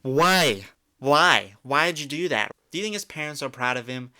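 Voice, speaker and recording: A man's voice: fairly high pitch, lively intonation, fast, pushed and bright. A young man doing reaction commentary, incredulous and mocking, swearing often as he talks. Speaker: commentary YouTuber.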